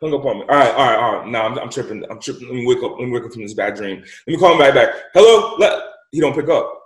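A young man as an interview guest, telling a story in a lively, slangy way with lots of repeated words. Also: mid-range voice, very fast. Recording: roomy echo.

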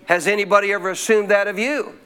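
High-pitched guy preaching, keeps asking the crowd questions, slows way down on the big points. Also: steady tone, sharp tone, clear, resonant tone. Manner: call-and-response preaching with frequent questions to the congregation; slows to stress key phrases. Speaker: pastor. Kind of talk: sermon.

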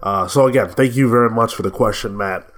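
A man's voice: fairly low pitch, a little fast, a bit bright. A man co-hosting a comics podcast in casual chat, joking and mock-exasperated with his co-hosts. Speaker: podcast co-host.

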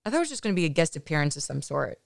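A woman's voice: low voice, sing-song, very fast, gravelly, no echo, studio quality. A woman podcast host telling a personal story in a candid, chatty way, often adding "you know" asides.

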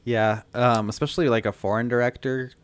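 A man's voice: medium pitch, fairly even intonation, fairly quick, clean tone. A man hosting a casual movie podcast, laughing easily and talking with many fillers. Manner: laughs often, loose with fillers. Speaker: podcast host.

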